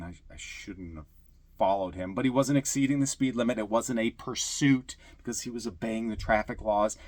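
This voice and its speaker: A middle-aged former police officer from Michigan telling casual stories, acting out quotes with a raised voice. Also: male voice, fairly low pitch, no room sound. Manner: animated, acts out shouted quotes in a raised voice. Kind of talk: casual storytelling.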